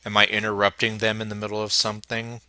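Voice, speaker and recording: Casting: male game streamer, low but very bright, cutting voice, casual joking commentary, game music low underneath. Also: completely flat delivery, fast, no room sound. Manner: joking, sardonic asides to the game.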